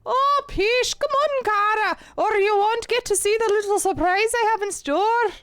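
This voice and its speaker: A woman's voice: sits high, huge pitch swings, slow, no echo, exaggerated voice. McMurphy, a woman doing a cheeky Irish cat. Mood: teasing. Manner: shaky put-on Irish brogue, teasing. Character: cheeky male Irish cat, playful daredevil.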